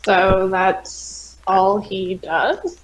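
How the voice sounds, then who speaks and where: A woman playing in a tabletop game over voice chat, unhurried and matter-of-fact. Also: mid-range voice, low-quality recording. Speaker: player.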